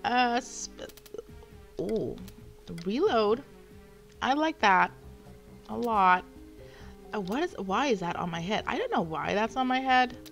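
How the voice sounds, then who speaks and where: A woman's voice: fairly high pitch, big pitch swings, takes it slowly, vocal fry, pauses often, fairly bright tone, faint music behind. A woman livestreaming a game, chatting casually and exclaiming when startled. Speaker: streamer. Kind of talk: casual gameplay livestream chat.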